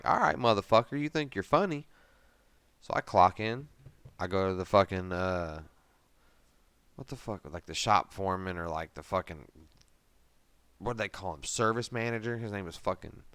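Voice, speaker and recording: A man's voice: low-pitched, fairly bright tone, no echo. A man in his thirties, a podcast host, telling a rambling story in casual chat, with constant swearing and filler words.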